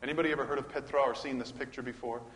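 Animated man teaching scripture in a hall. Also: mid-range voice, rapid-fire. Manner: animated, asks questions, reads scripture aloud. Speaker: pastor. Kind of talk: bible study teaching.

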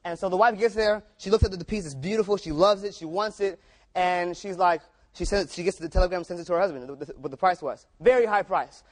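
A man's voice: high-pitched, fast talker. A man preaching a sermon through casual, repetitive stories. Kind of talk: storytelling sermon.

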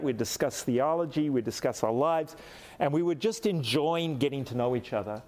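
A man's voice: medium pitch, moderate pace, a little mellow. A middle-aged man from Africa giving a sermon, telling a personal story with animation and acting out the quoted lines. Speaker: pastor.

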